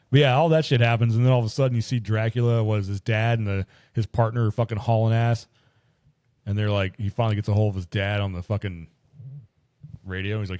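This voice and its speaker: A man hosting a podcast, casually retelling a movie as an animated, profane storyteller. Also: on the low side, a little fast. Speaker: podcast host.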